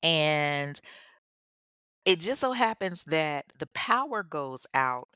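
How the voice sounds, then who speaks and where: A woman hosting a podcast, retelling a true-crime case in slangy, chatty, animated casual speech. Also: sits low, slow pace, clean tone, no echo, studio quality. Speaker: podcast host.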